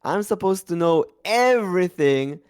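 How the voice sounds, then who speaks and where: A man's voice: sits high, animated, a little slow, darkish tone, smooth. Israeli man hosting a casual podcast. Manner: thoughtful, hesitant, many ums. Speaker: podcast host.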